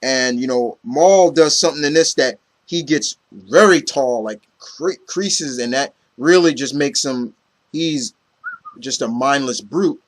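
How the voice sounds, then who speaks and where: A man with a mid-range voice speaks at a measured pace as he casually recaps a comic book story. He rambles, leans heavily on filler words, and acts out the characters' lines.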